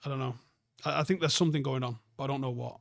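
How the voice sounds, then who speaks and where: A man's voice: mid-range voice, steady tone, very fast, vocal fry, a bit bright, no echo, clean studio sound. A man hosting a casual live stream, reading out viewer comments and riffing on them in a rambling, sweary way with lots of ums and restarts. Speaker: army veteran.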